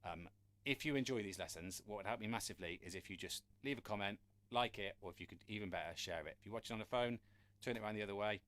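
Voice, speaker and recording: A man's voice: on the low side, fast, fairly bright tone. A man teaching a live-streamed drum lesson, chatty and encouraging, urging viewers to ask questions. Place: room with a drum kit. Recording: drums and counting heard behind.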